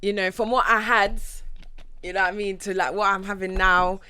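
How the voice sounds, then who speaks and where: An interviewer in a casual chat, giving short, relaxed replies and questions. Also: medium pitch, moderate pace, clean tone, no echo. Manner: relaxed, brief backchannel replies.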